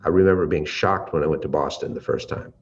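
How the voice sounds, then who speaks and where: A deep-voiced American leadership trainer teaches by demonstrating vocal technique, shifting his volume and pace and leaving drawn-out pauses. The recording is slightly dull, with faint ambient noise.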